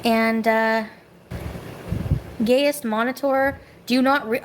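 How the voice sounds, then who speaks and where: A woman's voice: a little high, fairly even intonation, slow, pauses often, poor audio. A woman venting on a live stream from her home, rambling and bitter, snapping back at people in the chat. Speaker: livestreamer. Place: home kitchen.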